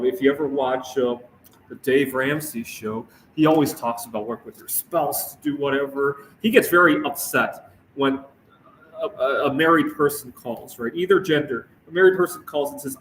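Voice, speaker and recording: A man's voice: on the high side, fairly bright tone, a little hiss or hum. A young man hosting his own show, ranting casually. He stops and restarts often and keeps asking "right?". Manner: halting, repeats words, asks "right?" often. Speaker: show host. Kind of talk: casual rant to camera. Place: Phoenix area, United States. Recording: echoey room, voice from far off.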